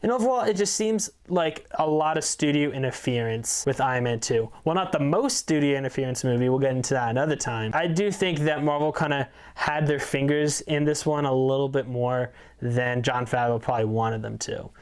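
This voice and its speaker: A man gives his take on a film in a casual chat with a co-host. His voice is smooth and resonant at an ordinary middle pitch. He talks quickly and stops to hesitate now and then. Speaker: co-host movie reviewer.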